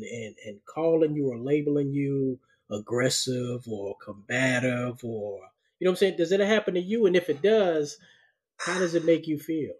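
A man hosting a podcast interview, talking in a relaxed, slangy way and affirming his guest often. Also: fairly high pitch, slightly rough. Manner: affirming, uses slangy casual speech, many backchannels. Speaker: podcast host. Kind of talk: casual interview chat.

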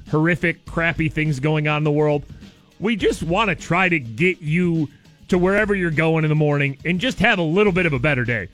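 A high-voiced man hosts a morning radio show with easy banter. He gets excitable and bursts into loud, joking play-by-play. His tone is bright and forceful, with faint music under him.

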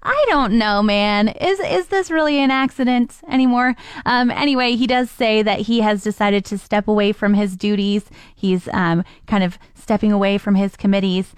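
A woman's voice: mid-range voice, moderate pace, few pauses, clear, resonant tone, no echo. A young woman hosting a morning radio show, telling stories in a chatty, self-deprecating way. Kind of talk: casual chat.

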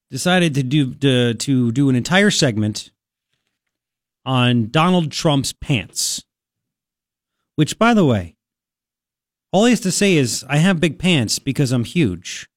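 A man's voice: medium pitch, no room sound, clean studio sound. A man hosting a radio talk show, chatting casually and laughing, mocking people in a playful voice. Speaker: radio host.

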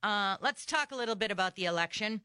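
A woman hosting a talk radio show, ranting in an animated, exasperated and sarcastic way. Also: mid-range voice, quick pace, smooth, dry recording. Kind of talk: opinionated talk radio chat. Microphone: studio microphone.

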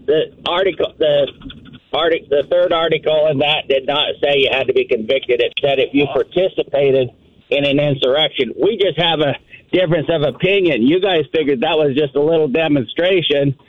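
A man's voice: a little high, normal speed. A male caller arguing heatedly with a radio host over a tinny phone line. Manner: heated, argumentative. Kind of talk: call-in argument.

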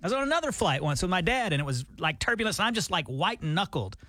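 A man's voice: high-pitched, fast talker, no room sound. A man co-hosting a morning radio show, telling jokey stories in casual banter. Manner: animated storytelling, jokey. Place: radio studio.

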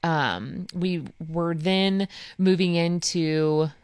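A woman's voice: on the low side, drawn-out words, clear, resonant tone, dry recording, clean studio sound. Chatty woman in her thirties telling a story. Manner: chatty, animated storytelling with fillers. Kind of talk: casual chat.

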